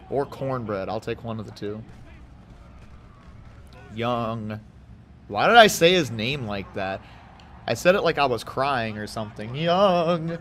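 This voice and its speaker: A man from Houston giving casual, rambling commentary as he plays a football video game, with excited outbursts and side chatter. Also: medium pitch, slight background noise. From Houston, Texas. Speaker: gaming YouTuber.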